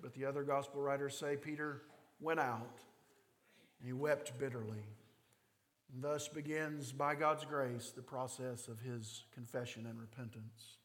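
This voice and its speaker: A man's voice: fairly high pitch, pushed and bright. A man with a Kentucky mountain accent preaching a sermon, telling the story with animation and acting out quoted voices. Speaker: pastor. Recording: long hall reverb.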